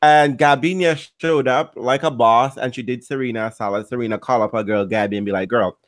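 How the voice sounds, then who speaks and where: A man's voice: medium pitch, fairly even intonation, a little fast. A man hosting a casual podcast, teasing his co-hosts in profane, rambling banter. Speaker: podcast host.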